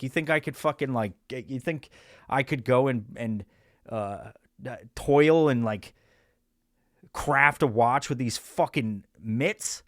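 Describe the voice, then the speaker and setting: A man's voice: mid-range voice, dry recording, studio quality. A man hosting a podcast, rambling through a crude, sarcastic comedic monologue full of restarts. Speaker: podcast host.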